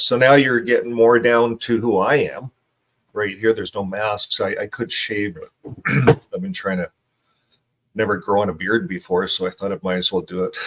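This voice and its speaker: Blunt, emphatic man, lowish voice. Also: a bit bright. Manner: blunt, emphatic, repeats himself. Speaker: host. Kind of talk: casual monologue.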